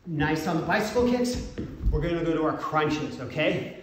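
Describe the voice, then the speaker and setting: A man's voice: a little high, expressive, normal speed, a little hiss or hum. Encouraging man coaching a home workout. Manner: encouraging and counting out reps. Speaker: fitness coach. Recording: very echoey room, mic far off.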